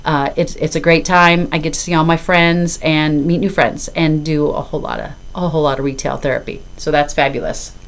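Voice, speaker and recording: Brief: fifties woman, slightly low voice, chatty hobby vlogger, loose and apologetic. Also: fairly even intonation, a little fast, hardly any pauses. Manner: rambling and apologetic, with filler. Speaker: cross-stitch vlogger. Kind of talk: casual chat to camera.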